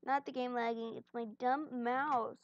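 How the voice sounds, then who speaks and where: A woman's voice: fairly high pitch, fairly even intonation, a little slow, lo-fi sound. A young woman commentating a game she is playing, rambling and self-deprecating, at times chewing as she talks. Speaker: gaming channel host. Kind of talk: casual gameplay commentary. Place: at home, on a bed.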